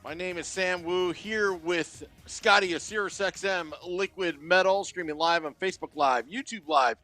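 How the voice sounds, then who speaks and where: Bright high-voiced male podcast host. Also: moderate pace, faint music behind. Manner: playful, self-aware reporter voice. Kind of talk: hockey recap podcast chat. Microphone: studio mic.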